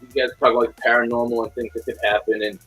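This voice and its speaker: Halting, husky middle-aged podcast host. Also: male voice, medium pitch, flat delivery, a bit bright, faint music behind, low-quality recording. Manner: halting, repeats words, earnest. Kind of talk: casual podcast chat.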